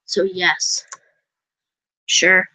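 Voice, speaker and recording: A woman's voice: on the low side, flat delivery, extremely slow, sharp tone, breathy edge, no echo. A woman reading a visual novel aloud with self-mocking, chatty asides. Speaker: let's player. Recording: dull, lo-fi, dry.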